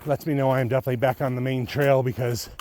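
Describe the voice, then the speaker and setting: A man vlogging while hiking through deep snow in a mountain forest, out of breath and panting between remarks. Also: flat delivery, fast, a little mellow, slight background noise. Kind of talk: casual trail commentary. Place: snowy mountain forest outdoors.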